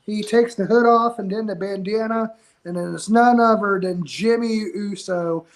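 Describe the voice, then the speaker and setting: High-voiced swearing podcast man. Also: normal speed, poor audio. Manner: profane, rambling, animated storytelling. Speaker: podcast co-host. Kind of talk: casual wrestling chat.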